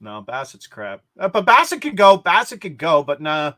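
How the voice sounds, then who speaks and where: Brief: upbeat male podcast host, high voice with a bright edge, chatty betting banter. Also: huge pitch swings. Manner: upbeat, joking, quick banter. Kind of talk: casual sports betting banter.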